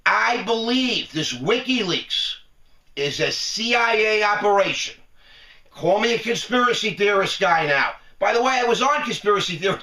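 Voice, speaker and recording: A man's voice: high-pitched, pushed and bright, echoey room, far from the mic. A man giving a sarcastic, rambling talking-head rant, laughing often between points. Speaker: vlogger.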